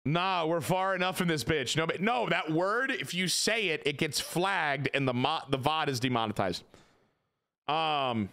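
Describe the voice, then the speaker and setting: A man's voice: a little high, measured pace, gravelly, pushed and bright. A man streaming a game, chatting casually with his viewers, swearing and joking as he rambles. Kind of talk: casual live-stream chat.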